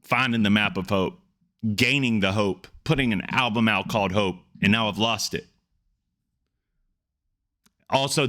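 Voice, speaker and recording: A man's voice: on the low side, pushed and bright. A man hosting a music reaction video, talking in an earnest, reflective way and often restarting his sentences. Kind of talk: casual reaction commentary.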